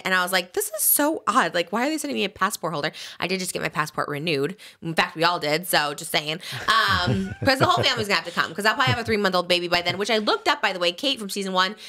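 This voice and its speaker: A woman's voice: fairly low pitch, fast, hardly any pauses, bright, forceful tone. A young woman hosting a podcast, chatting animatedly and casually, full of filler words. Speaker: podcast host. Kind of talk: casual chat.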